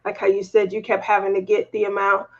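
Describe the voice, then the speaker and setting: A woman's voice: mid-range voice, completely flat delivery, fast talker, muffled recording. A woman chatting casually on a live stream, sharing her own experience and asking short, direct questions. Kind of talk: casual chat.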